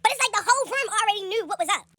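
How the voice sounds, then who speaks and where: A young woman with a high, bright voice rattles through a casual storytime at breakneck speed. She is animated and profane, full of slang, and jumps into a squeaky register to act out the people in her story. A phone held close picks her up. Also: very fast, slight background noise.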